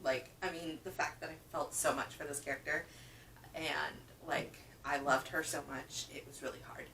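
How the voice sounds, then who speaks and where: A woman chats about what she has been reading in a loose, emphatic way, leaning on repeated words for stress. Her voice sits slightly low. She is picked up from some distance by a camera mic in an echoey room with a faint hum. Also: steady tone, normal speed, bright, forceful tone. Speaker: book reviewer. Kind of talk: casual reading wrap-up chat. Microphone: camera microphone.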